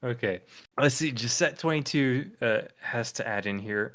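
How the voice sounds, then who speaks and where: A man with a middle-pitched, everyday voice co-hosts a casual podcast. He reads listener comments aloud in an easy, unhurried way and laughs often between them. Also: fairly bright tone. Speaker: podcast co-host.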